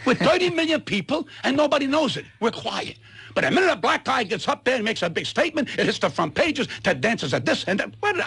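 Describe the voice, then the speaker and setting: A man, a comedian guest on a radio talk show, ranting loudly and indignantly with lots of repetition. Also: very high-pitched, vocal fry, breathy edge. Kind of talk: heated radio rant.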